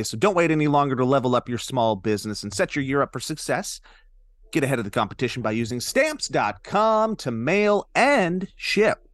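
A man's voice: medium pitch, a bit bright, no room sound. A man co-hosting a podcast, jokey and rambling, chatting and then reading an ad with asides. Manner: jokey, rambling, laughs mid-sentence. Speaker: podcast co-host. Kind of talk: casual chat and read ad.

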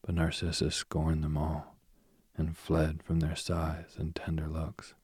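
A man reading a myth aloud as a soothing bedtime story, slowly and softly, drifting into whispers. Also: rumbling low, monotone, husky, no echo, clean studio sound. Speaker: sleep story reader.

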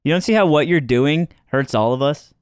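Young guy teasing his buddies, kinda high voice, dry podcast mic. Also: normal speed, clean tone, no echo. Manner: teasing, crude banter. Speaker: podcast co-host. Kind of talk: casual chat.

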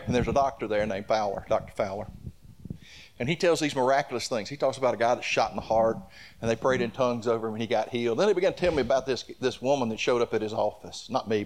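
Male preacher, folksy storyteller, mid-pitched, swells into fervent emphasis. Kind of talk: sermon storytelling.

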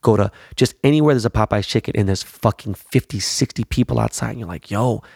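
Low-voiced guy swearing nonstop, rambling, dry close sound. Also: quick pace, vocal fry, a little mellow, breathy edge, no room sound. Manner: profane, slangy, rambling. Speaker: vlogger telling about his weekend. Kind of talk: casual chat.

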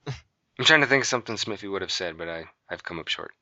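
A man's voice: sits low, expressive, fast, sharp tone, dry recording, lo-fi sound. A man co-hosting a podcast in a casual, playful chat, joking often. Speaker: podcast co-host.

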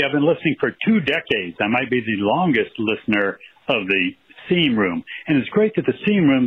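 A man leaves an earnest, rambling voicemail for a podcast. His voice is husky and comes through a thin, phone-like line. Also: medium pitch, dry recording. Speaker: caller. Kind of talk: voicemail message.

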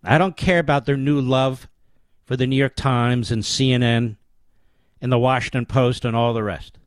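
A man's voice: mid-range voice, fairly even intonation, moderate pace, clear, resonant tone, no room sound. A man hosting a political talk show, delivering an emphatic, declamatory commentary monologue with lots of rhetorical repetition.

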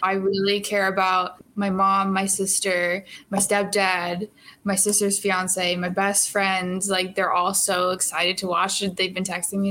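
A young actress chatting in an interview, animated and full of fillers and laughs. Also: female voice, medium pitch, measured pace, low-quality recording. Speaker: actress guest. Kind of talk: casual interview chat.

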